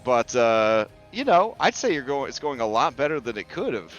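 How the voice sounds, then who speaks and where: Brief: casual male game master, mid pitch, muffled lo-fi audio. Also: big pitch swings, normal speed, fairly bright tone. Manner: casual, laughing, filler-heavy narration. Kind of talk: narrating a tabletop game. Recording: slightly dull lo-fi audio. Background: faint background music.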